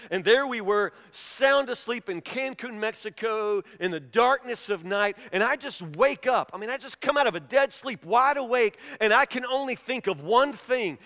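A middle-aged man preaching a sermon as a pastor, telling stories emphatically and swinging between hushed and loud delivery. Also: sits high. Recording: long reverb of a large hall.

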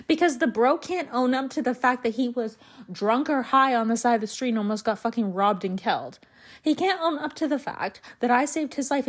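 A young woman hosting a solo podcast, venting angrily and swearing heavily as she tells a story and walks through a list. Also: on the high side. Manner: angry, heavy swearing, animated storytelling. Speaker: podcast host.

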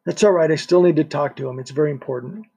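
A determined male agent, read by a male narrator, firm and insistent as he keeps pressing for help. The voice is husky and sits a little high. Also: fast, mellow. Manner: firm, pleading. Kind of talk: audiobook character voice.

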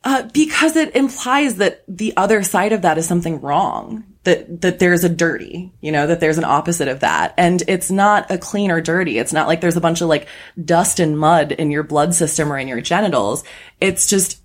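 A woman's voice: fairly low pitch, normal speed. A woman guest on a podcast, talking in a blunt, passionate way and swearing freely. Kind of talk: casual chat.

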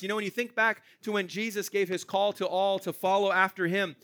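Male pastor, high bright voice, dry close sound, chatty sermon that keeps asking the room "right?". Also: fairly even intonation, a little fast, no room sound. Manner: conversational, asks the room "right?".

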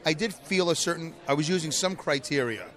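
A man's voice: on the high side, brisk, fairly bright tone. A man co-hosting a podcast in casual chat, joking and teasing his co-host. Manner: joking, teasing, self-mocking. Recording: crowd noise behind.

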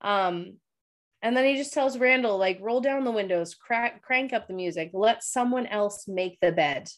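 A woman's voice: medium pitch, normal speed. A young adult woman co-hosting a casual recap podcast, emotional and tearful, laughing through her crying. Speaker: podcast co-host. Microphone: studio microphone.

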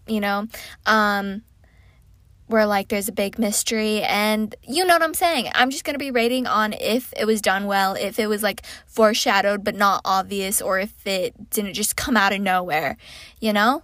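A woman's voice: medium pitch, fairly bright tone, no room sound. A young woman casually chatting as she reviews books, rambling with lots of fillers. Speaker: book reviewer. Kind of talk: casual chat.

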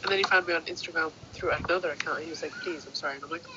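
A woman's voice: low-pitched, steady tone, very fast. A woman chatting casually, telling blunt stories in an indignant tone. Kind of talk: casual chat. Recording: muffled recording with clear background noise.

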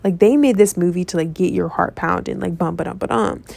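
A woman casually retelling a film scene, rambling and animated, with lots of swearing and filler words. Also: on the low side, brisk, gravelly. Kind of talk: casual storytelling.

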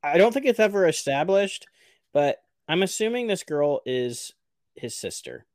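A man co-hosting a podcast, recapping a show in casual chat and joking with animated storytelling. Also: fairly high pitch, moderate pace, no room sound, studio quality. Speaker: podcast co-host.

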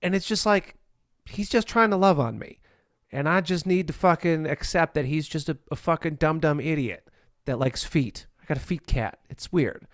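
A man's voice: a little high, normal speed, no room sound, clean studio sound. A man hosting a candid conversation about recovery, blunt, profane and self-deprecating.

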